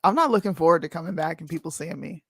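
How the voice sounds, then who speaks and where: A woman's voice: sits low, lively intonation, quick pace, fairly bright tone, slightly rough, no room sound. A woman co-hosting a casual livestream chat, playful and prone to sudden squeals. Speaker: co-host.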